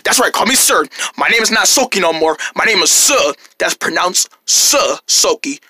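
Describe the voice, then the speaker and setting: Bossy cartoon boss type played by a performer, scolding and shouting, bright and bouncy. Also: mid-range voice, expressive, moderate pace, slightly rough, dry recording. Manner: scolding, repeats orders, shouts. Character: bossy, fussy cartoon character demanding to be called sir. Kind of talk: homemade cartoon voice acting.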